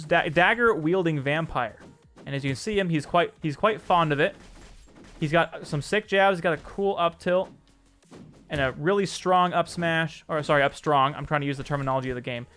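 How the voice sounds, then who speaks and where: A man's voice: on the high side, a bit bright. A man hosting a casual live stream, demoing a game he works on, answering chat and often correcting himself mid-sentence. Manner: chatty, answers chat messages, frequent restarts and self-corrections.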